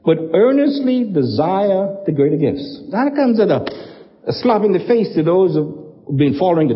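A male pastor delivers an emphatic sermon in a high, lively voice that swoops up and down. He hammers points home with repetition and rhetorical questions. The sound is dull and carries a long hall reverb. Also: normal speed.

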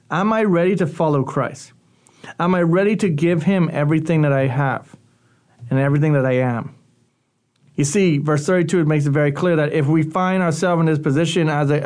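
A man's voice: on the high side, a little mellow. A male youth pastor giving a radio sermon talk in a conversational, earnest teaching manner.

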